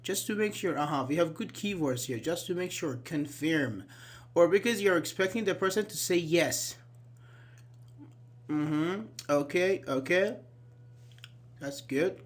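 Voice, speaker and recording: A man's voice: fairly high pitch, animated, a little slow, pauses often. A man teaching an online English grammar class, explaining patiently, repeating key words and asking students questions, with many fillers like "actually".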